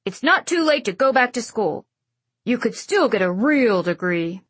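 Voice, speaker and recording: A pompous old scientist grandfather, now in a young boy's body, who lectures and huffs indignantly, as a woman reads him. The voice runs a touch high and slightly husky, recorded close and dry for an audiobook. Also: big pitch swings, normal speed, no echo. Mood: scolding. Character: cranky old male scientist grandfather turned into a teenage boy. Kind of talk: audiobook character voice.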